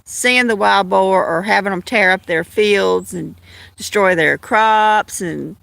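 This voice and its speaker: This livestream host speaks at medium pitch with a creaky, fairly bright tone and no echo. Outdoors with her kittens and walking to a field, she chats to them and her viewers in a rambling phone stream.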